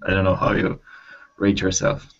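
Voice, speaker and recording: A man's voice: deep voice, completely flat delivery, normal speed, fairly bright tone. A man hosting a casual online interview, asking questions with small stumbles over a video call. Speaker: host. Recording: dull lo-fi video call audio.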